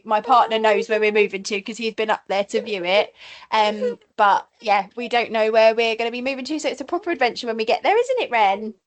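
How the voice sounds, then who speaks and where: A woman in her thirties with an Essex accent, co-hosting a podcast in chatty, bubbly conversation full of laughs. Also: on the high side. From Essex, England. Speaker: podcast co-host. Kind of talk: casual chat.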